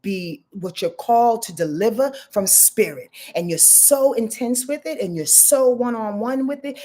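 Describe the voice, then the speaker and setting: A woman hosting a live astrology reading, talking casually and profanely with emphatic repetition, sometimes sinking to a hushed whisper. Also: mid-range voice, slightly rough. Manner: drops to a hushed whisper at times. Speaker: astrology show host.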